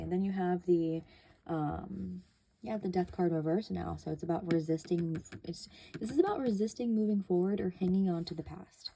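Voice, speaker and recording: A woman's voice: fairly low pitch, moderate pace, gravelly, dark tone, husky. A woman giving a casual tarot reading, chatty and loose, with many fillers and casual swearing. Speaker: tarot reader.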